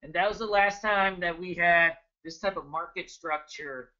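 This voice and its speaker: High, sharp-voiced joking webinar host. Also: male voice, moderate pace, highs cut off. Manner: energetic, joking, chatty, greets viewers by name. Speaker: trading educator hosting a webinar. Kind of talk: casual live webinar talk.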